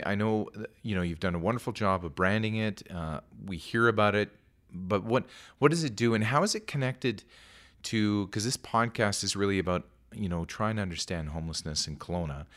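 A Canadian podcast host with a very low voice leads the interview. He searches for words and rephrases his questions several times. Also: fairly bright tone.

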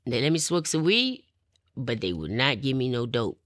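A middle-aged woman, telling her personal testimony in an animated way and acting out what others said. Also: extremely low pitch, normal speed, no echo, clean studio sound. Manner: animated, acts out quoted voices, laughs often. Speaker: testimony speaker.

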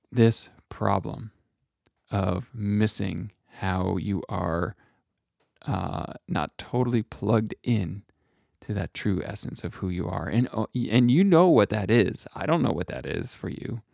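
A man coaching listeners on self-kindness in a soft, intimate way, calling the listener his friend. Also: fairly low pitch, vocal fry, no room sound, studio quality. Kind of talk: gentle motivational monologue.

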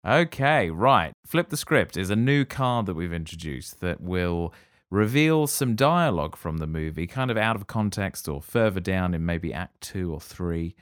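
A man's voice: deep voice, lively intonation, moderate pace, smooth, no echo, clean studio sound. A man co-hosting a comedy podcast, speculating playfully and theatrically. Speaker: podcast co-host.

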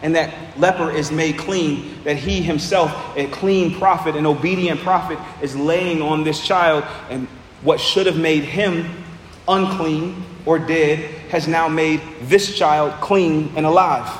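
A man with a high voice preaches an earnest sermon, walking his listeners through a scripture passage. His words ring out into a large, echoey sanctuary with a long reverb tail. A faint hum of room ambience sits underneath. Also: steady tone, a little slow. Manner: earnest expository preaching, reads scripture then explains. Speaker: pastor.

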